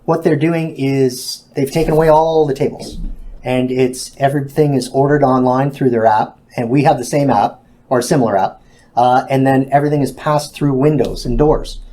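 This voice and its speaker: A man with a warm, mellow voice explains ideas to an interviewer. He talks casually and steadily, with occasional fillers along the way. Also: medium pitch, fairly even intonation, moderate pace. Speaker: hospitality business guest. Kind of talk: video interview answers.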